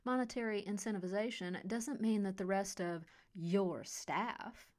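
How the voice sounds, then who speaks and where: A woman's voice: mid-range voice, lively intonation, moderate pace, lightly acted. A woman voicing a cold, scheming male resort boss with a Californian accent, smug and detached. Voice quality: icy, detached. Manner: smug, menacing, mocking. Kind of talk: audiobook character voice.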